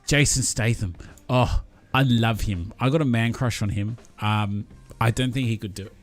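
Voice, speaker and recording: A man's voice: mid-range voice, normal speed, faint music behind. A man chatting casually with viewers on a live stream, rambling in an easygoing way with lots of ums and thoughts that trail off.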